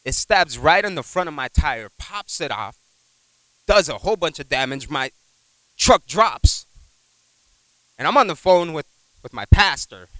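Male preacher, storytelling sermon; swooping, lively pitch, conversational, calls for amen. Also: a little slow, long pauses, no room sound, rough recording. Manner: animated, acts out voices in his stories; conversational, repeats words, asks amen.

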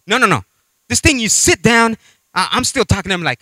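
A man preaching a sermon with animated storytelling, acting out voices and scenes as he talks. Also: extremely high pitch, brisk, pauses often, no room sound.

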